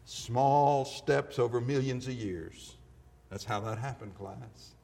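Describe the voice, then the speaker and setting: A man's voice: medium pitch, slow, vocal fry, darkish tone, long reverb tail. A man giving a classroom lecture, emphatic and full of rhetorical questions.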